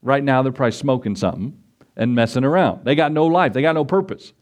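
A man preaching a sermon to his congregation, emphatic and repetitive, swinging between loud declarations and quiet asides. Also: mid-range voice, quick pace. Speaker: pastor.

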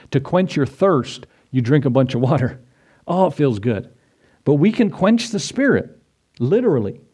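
A man preaching a sermon to his congregation, conversational and then rising to excited emphasis. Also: mid-range voice. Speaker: pastor.

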